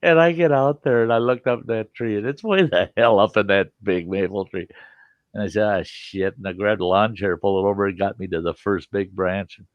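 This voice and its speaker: A man's voice: on the low side, fairly even intonation, a little fast, dry recording, muffled recording. An older grandfather hosting a livestream, telling rambling, profane stories and laughing as he chats. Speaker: livestream host. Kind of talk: casual storytelling chat.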